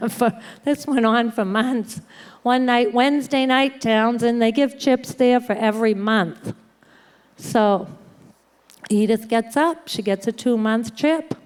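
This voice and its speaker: Woman speaker, unhurried, slightly high voice; wry, laughing storyteller addressing a live audience. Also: clean tone. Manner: wry, laughs often, acts out quoted people. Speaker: recovery meeting speaker. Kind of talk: humorous personal storytelling to an audience. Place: hotel conference room, live audience.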